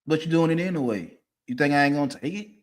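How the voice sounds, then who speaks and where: A man, ranting casually and profanely, swinging from low mutters to loud, emphatic bursts. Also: animated, quick pace. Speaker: streamer giving opinions.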